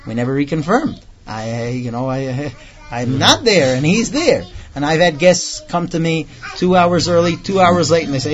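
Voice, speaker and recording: A man teaching a casual Torah class to a small group, quickly reading out Hebrew text and then explaining it with stories. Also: fairly high pitch, expressive, lo-fi sound. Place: room with a small group of listeners.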